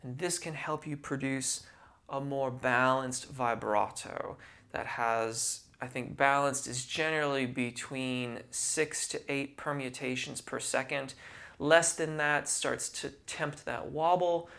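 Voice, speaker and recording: A man teaching singing, explaining vocal technique in a measured, patient way and using technical singing terms. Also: mid-range voice, fairly even intonation, vocal fry, a bit bright.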